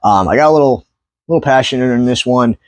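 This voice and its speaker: A man's voice: medium pitch, fast talker, dry recording. A man hosting a heated commentary vlog, ranting angrily with profanity and sudden outbursts. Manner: angry, profane rant with rising outbursts. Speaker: YouTuber ranting about trading card sellers.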